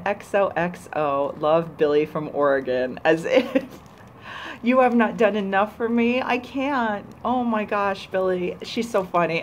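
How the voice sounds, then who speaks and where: A young adult woman vlogger unboxing a gift, gushing and excitable, squealing with delight. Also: lowish voice, a little hiss or hum, poor audio.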